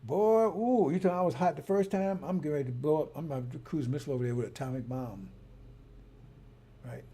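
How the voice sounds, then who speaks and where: A male broadcaster with a fairly high, mellow, slightly rough voice speaks briskly in a casual monologue. He tells a story and rants in a heated, rambling manner, often repeating himself.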